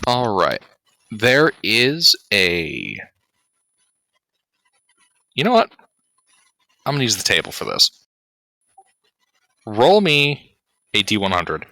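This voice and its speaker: A man narrating as game master of a tabletop game, deliberate and pausing as he describes finds. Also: lowish voice, huge pitch swings, vocal fry, sharp tone, no room sound. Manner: slow, deliberate narration with pauses.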